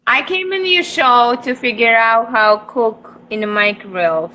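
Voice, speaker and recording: A woman's voice: on the high side, measured pace, sharp tone, lo-fi sound. A woman joining a podcast by video call, bickering playfully with the host in casual chat. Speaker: podcast guest.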